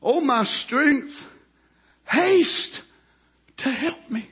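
A male pastor, preaching a sermon and swinging from soft, drawn-out lines to fervent shouting. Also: extremely high pitch, lively intonation, breathy edge, muffled recording.

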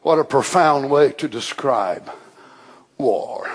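Fiery male preacher, very high and husky, shouts then drops to a hush. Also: animated, normal speed. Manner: swings from shouted climaxes to hushed near-whispers; reads scripture aloud in old-fashioned wording. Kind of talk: fiery sermon.

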